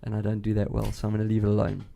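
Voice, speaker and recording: A man with a South African accent hosting a radio tech show, chatting loudly and rambling with frequent restarts in a studio. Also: on the low side, completely flat delivery, rapid-fire, vocal fry. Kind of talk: casual radio chat.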